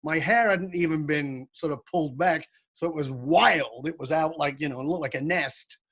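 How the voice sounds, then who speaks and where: A man in his fifties, an interview guest, telling a story with lively laughter. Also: fairly high pitch, moderate pace, husky.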